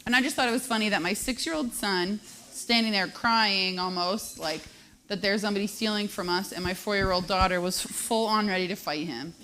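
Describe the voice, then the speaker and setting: A woman in her thirties hosting a live show, telling brash, self-deprecating comic stories at a quick clip. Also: medium pitch, pushed and bright, a little hiss or hum. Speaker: host. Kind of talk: live comedic storytelling.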